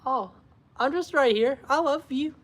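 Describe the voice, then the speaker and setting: A man's voice: extremely high pitch, measured pace, fairly bright tone. A man chatting casually on a home livestream, rambling and laughing often as he talks to his viewers. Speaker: homestead vlogger. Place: indoors at home.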